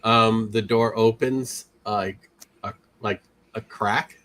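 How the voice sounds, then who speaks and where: A man narrating as game master, halting and filling his speech with ums and likes. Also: lowish voice, fairly even intonation, a bit bright. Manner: halting, full of fillers.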